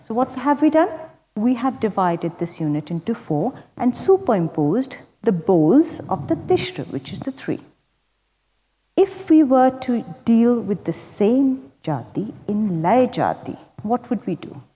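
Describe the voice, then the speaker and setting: A woman's voice: on the high side, sing-song, dark tone. Woman teaching dance rhythms, long reverb. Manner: clear, deliberate teaching tone, chanting rhythm syllables. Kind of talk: instructional explanation with rhythmic syllable recitation.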